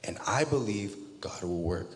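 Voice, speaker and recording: A man's voice: lowish voice, animated, measured pace. A man from Southern California giving a casual personal testimony as an interview guest, acting out the voices of the people in his story and laughing often. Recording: long reverb, faint noise.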